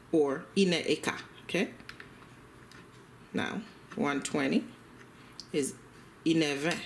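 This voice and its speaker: A patient language teacher walking through a lesson step by step, saying each phrase more than once and pausing often to check the listener is following. The pitch sits in an everyday middle range, with a faint hiss of noise under the voice.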